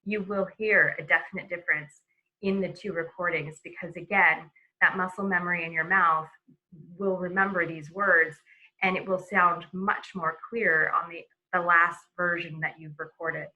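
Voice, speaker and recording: A woman giving a relaxed webinar lesson on a video call, talking casually with many fillers and restarts. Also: lowish voice, normal speed, dull audio. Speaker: presenter.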